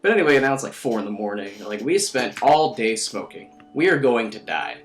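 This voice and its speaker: A man's voice: medium pitch, expressive, brisk, soft background music. A young man giving a rambling, sarcastic, crude recap of a game as the host of his own video. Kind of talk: casual game recap commentary.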